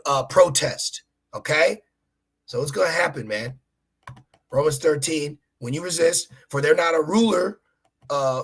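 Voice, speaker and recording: A man's voice: high voice, gravelly, a bit bright, husky. A man preaching on a livestream, reading scripture aloud and talking straight to his listeners in a fiery, preachy way. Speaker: street preacher.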